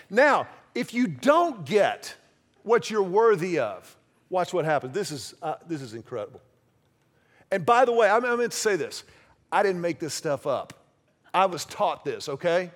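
A man preaching a sermon in a conversational, self-deprecating way, acting out little quoted exchanges. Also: sits high. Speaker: pastor.

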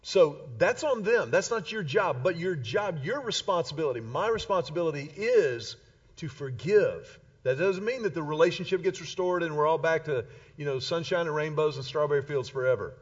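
A man preaching with a somewhat high voice that swings widely in pitch as he drives home each point with emphatic repetition. The sound is dull and lo-fi. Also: expressive, moderate pace. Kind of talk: sermon.

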